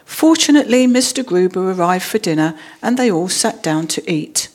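A woman reading a children's storybook aloud in a measured, expressive way. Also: lowish voice.

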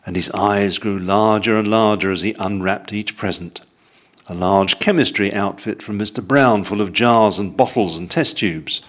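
Guy reading a kids storybook, calm, kinda low voice. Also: moderate pace.

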